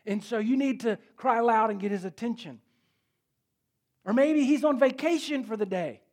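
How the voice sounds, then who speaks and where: A man preaching a sermon, telling the story with animated swings between loud and quiet. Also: high-pitched. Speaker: pastor.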